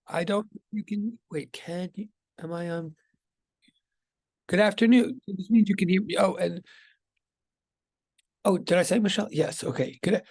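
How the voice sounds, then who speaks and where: A man's voice: high voice, a little mellow, no echo. A man teaching a physics class over a video call, greeting students one by one in a rambling, self-interrupting way. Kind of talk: casual online class intro.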